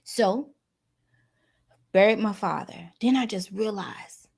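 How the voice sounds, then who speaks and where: A woman guest telling a personal story in a lively way, acting out the dialogue. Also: mid-range voice, takes it slowly, gravelly, slightly rough. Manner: animated, acts out dialogue.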